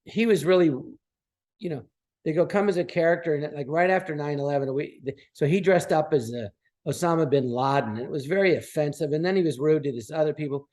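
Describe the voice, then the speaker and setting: A man's voice: on the high side, a little fast. A man in his sixties, a podcast guest, telling anecdotes casually and acting out the people he quotes. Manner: animated, acts out quoted voices.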